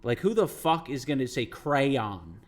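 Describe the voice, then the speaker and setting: A man's voice: medium pitch, big pitch swings, a little slow. A man streaming, chatting casually with his viewers in a rambling, profane way. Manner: rambling, profane, reacting to chat. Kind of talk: casual livestream chat.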